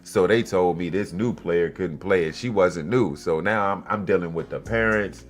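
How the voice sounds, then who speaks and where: A man hosting a casual podcast monologue, a youth basketball coach telling stories in a blunt, profane, animated way. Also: low-pitched, moderate pace.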